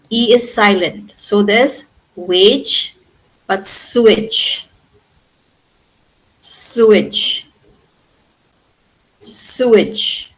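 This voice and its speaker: A woman with an Indian English accent teaching a spoken English lesson, patiently repeating words slowly for her students. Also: mid-range voice, low-quality recording. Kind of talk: classroom pronunciation lesson.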